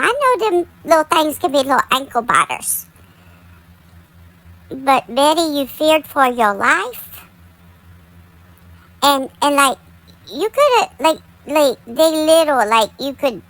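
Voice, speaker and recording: A woman's voice: high voice, sharp tone, low-quality recording. A woman hosting a casual gossip commentary, chatty and full of "like" and "y'all,". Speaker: commentary channel host.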